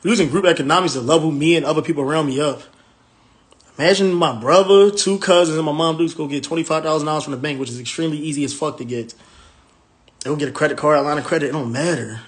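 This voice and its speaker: A man's voice: a little high, fast. A man hosting a casual phone livestream, talking in a brash, profane and rambling way. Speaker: livestream host, rental car business owner.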